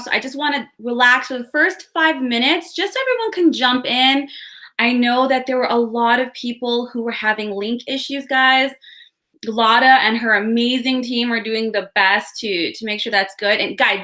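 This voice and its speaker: A woman's voice: a little high, bright, forceful tone. Bubbly woman hosting a webinar. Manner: chatty, upbeat, greets viewers by place. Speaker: workshop host. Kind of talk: live webinar chat. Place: home room with window.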